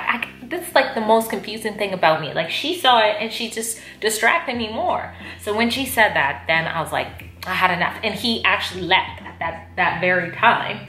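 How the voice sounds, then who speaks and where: A chatty woman vlogger with a mid-range voice tells stories casually as she folds laundry, speaking at a moderate pace with few pauses. She's animated, says "like" a lot, and bursts out loudly when retelling moments. The room is echoey, with faint music behind her.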